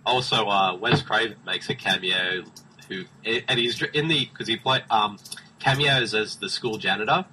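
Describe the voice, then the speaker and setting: A man with a somewhat low but very bright, ringing voice chats casually on a podcast. He is relaxed and a little halting, often pausing on "uh" and "um" before he goes on. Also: a little hiss or hum, low-quality recording. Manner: relaxed, hesitant, with filler words. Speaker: podcast co-host. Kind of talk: casual chat.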